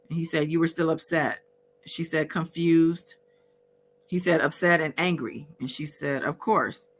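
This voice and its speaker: A woman hosting a casual recap, reading out exchanges from her notes with frequent fillers and pauses. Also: low voice, fairly bright tone, slight background noise. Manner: reads out courtroom exchanges from notes, pausing with fillers. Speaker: host recapping a court trial.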